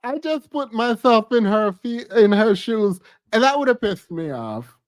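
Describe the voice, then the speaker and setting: Lively, laughing woman reacting. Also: a little high, unhurried, no echo. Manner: laughs often, mocking asides. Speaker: streamer reacting to a clip. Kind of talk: casual reaction commentary.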